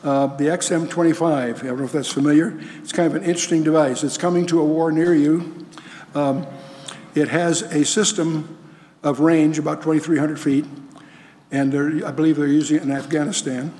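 A man's voice: a little high, steady tone, normal speed, a little mellow. A man giving a lecture-style Bible teaching with slides, emphatic and full of rhetorical questions and restarts. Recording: long hall reverb.

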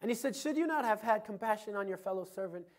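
A male pastor preaching a sermon, reading scripture and telling anecdotes, swinging from loud emphasis to soft asides. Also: high voice, lively intonation, fast. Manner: tells anecdotes with chuckles.

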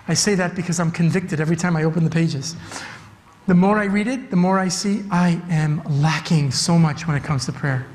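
High-voiced man preaching in an echoing hall. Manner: animated preaching, acting out quoted voices. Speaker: youth director preaching. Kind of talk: sermon. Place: church sanctuary. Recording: reverberant church hall.

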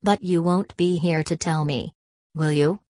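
An earnest middle-aged army orderly in a storybook reading, asking anxious questions about his duties, voiced by a woman narrator. The voice is low and the sound dry and close. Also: a little slow, mellow, dry recording.

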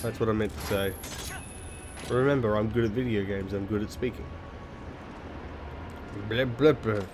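A man's voice: on the low side, steady tone, brisk. A young man giving rambling, jokey, sweary commentary while playing a video game. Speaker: let's play host. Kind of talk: casual gameplay commentary.

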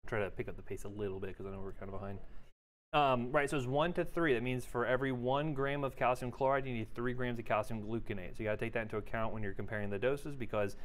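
A man's voice: medium pitch, fast. A man giving an exam review lecture in a casual, joking way, quizzing his students. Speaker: pharmacology lecturer.

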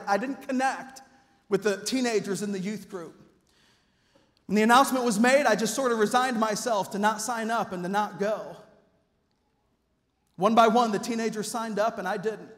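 A man in his thirties, a youth pastor, preaching a storytelling sermon and acting out the quoted voices with lively energy. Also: sits high. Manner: animated, acts out quoted voices. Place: church sanctuary. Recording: reverberant church hall.

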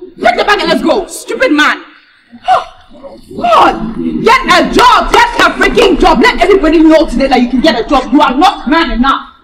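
A woman with a Nigerian accent playing a scornful wife who shouts insults at her jobless husband in public, in a movie. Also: very high voice, lively intonation, normal speed, a faint crowd, a little hiss or hum. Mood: scolding. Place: outdoors in public.

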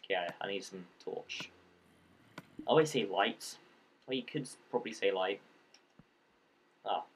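A man's voice: on the low side, measured pace, slight background noise. A man giving casual let's-play commentary, rambling and joking and talking to the creatures in the game as he plays. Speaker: gameplay commentator.

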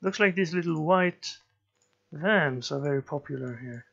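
Slow, gravelly man musing over a game. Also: on the high side, a bit bright, dull audio. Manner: slow, musing, thinking aloud. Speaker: gameplay commentator. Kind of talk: let's play commentary.

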